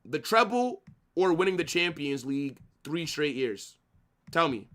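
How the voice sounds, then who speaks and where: A man's voice: a little high, big pitch swings, a little slow, a bit bright. Brash, trash-talking young man streamer. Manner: brash, trash-talking, swears a lot, calls chat "bro" and "brother". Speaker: watch-along streamer. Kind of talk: live match watch-along, arguing with chat.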